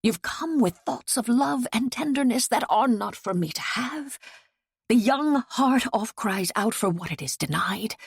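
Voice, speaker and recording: A woman reading the part of a grown man in a period romance, speaking low, hushed and measured. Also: lively intonation, creaky, husky, dry recording, clean studio sound, exaggerated voice. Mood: tender. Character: grown man, tender yet stern and reluctant.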